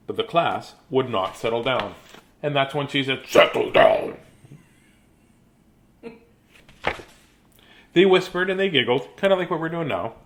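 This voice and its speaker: With a mid-range, somewhat bright voice, a man in his fifties casually reads a children's book live. Between pages he chats, jokes and digresses.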